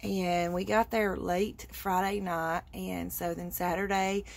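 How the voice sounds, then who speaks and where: A woman's voice: fairly low pitch, slow pace, gravelly, slight background noise. A woman, hosting a craft vlog, chatting casually and rambling through a story with laughs. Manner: animated, rambling, laughs while telling. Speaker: craft channel host.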